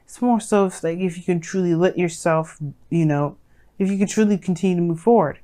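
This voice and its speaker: Casual woman tarot reader, a bit croaky, lowish voice, talks in loose sassy asides. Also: fairly quick, warm tone. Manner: rambling, chatty, sassy, lots of fillers. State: slightly hoarse, croaky voice. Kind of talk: casual tarot reading to viewers.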